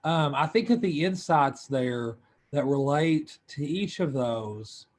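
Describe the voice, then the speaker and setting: A man's voice: mid-range voice, animated, takes it slowly. A man in a video-call meeting giving his view, thinking aloud with restarts and hesitations. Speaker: meeting participant. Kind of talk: online group meeting discussion.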